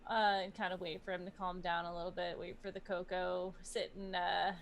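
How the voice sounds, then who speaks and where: A woman's voice: on the low side, brisk, vocal fry, low-quality recording. A woman playing a tabletop role-playing game, describing her character's actions and slipping into her voice. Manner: animated, squeals and soothing hushes in character. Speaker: player.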